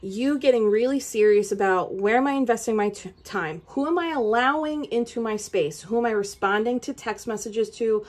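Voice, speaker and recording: A woman's voice: fairly high pitch, normal speed, few pauses, a little mellow. A woman giving a tarot reading straight to the viewer, urgent and emphatic, repeating her points. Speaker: tarot reader.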